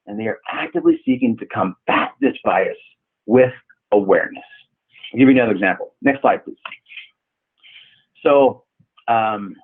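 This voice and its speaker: A man's voice: medium pitch, husky. A man from California giving a leadership training webinar, telling personal stories earnestly with frequent restarts. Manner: earnest storytelling with repeated restarts. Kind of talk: webinar presentation. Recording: tinny phone-like audio.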